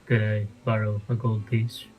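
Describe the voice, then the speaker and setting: A man's voice: on the low side, completely flat delivery, moderate pace, darkish tone, poor audio. Hesitant man playing a game. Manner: hesitant, many uhs and ums. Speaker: player. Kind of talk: casual chat.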